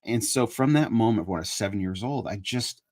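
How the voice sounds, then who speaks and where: A man's voice: on the low side, fairly quick, a little mellow. A man in his fifties hosting a casual live chat, talking earnestly and building into emphatic preaching. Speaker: online show host.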